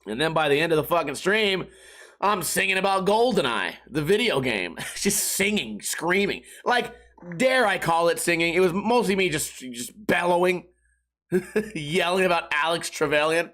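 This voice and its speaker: A man's voice: a little high, expressive, moderate pace, a bit bright. A man hosting a solo podcast, telling rambling profane stories and slipping into mock voices. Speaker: podcast host. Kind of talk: casual solo rant.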